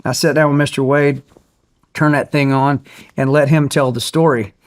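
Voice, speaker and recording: A man guest telling a story in casual conversation, animated and acting out the people he quotes. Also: mid-range voice, normal speed. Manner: animated, acts out quoted voices.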